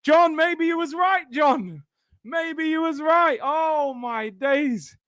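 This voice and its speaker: A young man streaming a live football watchalong, reacting excitedly, shouting at big moments and bantering with his chat. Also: extremely high pitch, slow, no echo.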